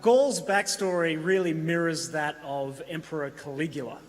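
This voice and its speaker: A chatty man with a fairly high voice asks a question from the audience and corrects himself along the way. The hall gives his voice a long reverb. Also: normal speed. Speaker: audience member asking a question.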